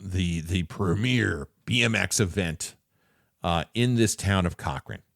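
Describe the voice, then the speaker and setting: A man's voice: deep voice, unhurried, gravelly, no room sound, clean studio sound. A man co-hosting a casual movie podcast who rambles, jokes and slips into little voices. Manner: rambling, animated, fond of doing voices. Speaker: podcast co-host. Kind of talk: casual movie-review chat.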